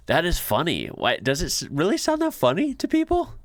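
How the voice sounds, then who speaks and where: A man's voice: on the high side, huge pitch swings, normal speed, dry recording, studio quality. An American man hosting a reaction video, chatting in a laid-back way and laughing often. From United States. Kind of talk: casual reaction commentary.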